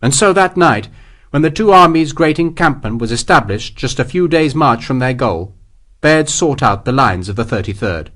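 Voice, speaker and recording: Expressive male audiobook narrator. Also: medium pitch, moderate pace. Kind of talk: scripted narration.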